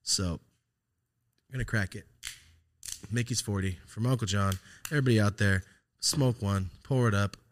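A man with a somewhat low voice hosts a podcast and talks through a personal story in a loose, reflective way. He swears freely and trails off into fillers and restarts as he goes. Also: unhurried, long pauses, a little hiss or hum. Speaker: podcast host. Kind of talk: casual storytelling chat.

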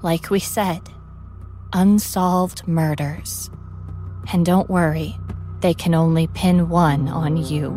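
A woman's voice: deep voice, fairly even intonation, slow pace, mellow, soft background music. A woman voicing a cruel, inhuman female entity who mocks her victim in a sing-song, taunting way, in a horror story reading. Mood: smug. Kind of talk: scripted horror narration.

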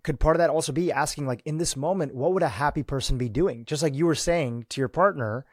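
A man's voice: on the high side, quick pace, no room sound. Dry-sounding male interview host. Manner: thoughtful, builds on the guest's points with questions. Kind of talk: casual interview.

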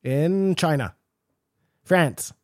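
A man's voice: on the high side, expressive, extremely slow, darkish tone, no room sound, clean studio sound. A man co-hosting a podcast in casual chat, joking, teasing and swearing. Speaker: podcast co-host.

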